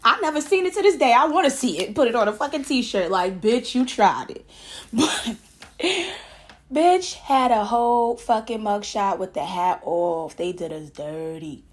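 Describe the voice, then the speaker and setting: Woman, late twenties, podcast host, casual storytelling, profane, animated, laughs often. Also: fairly high pitch, measured pace.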